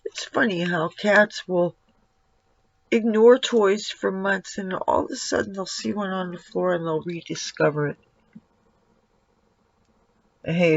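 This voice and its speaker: A man's voice: high-pitched, creaky, no room sound. A man giving a casual makeup tutorial at home, rambling and breaking off to talk to his cat. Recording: dull lo-fi, dry sound.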